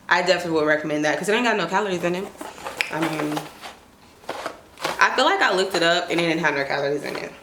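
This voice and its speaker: Chatty young woman in echoey room. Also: fairly low pitch. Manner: chatty, slangy, talks about herself in third person. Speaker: vlogger. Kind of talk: casual grocery haul chat. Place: apartment kitchen. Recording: echoey room with clear background noise.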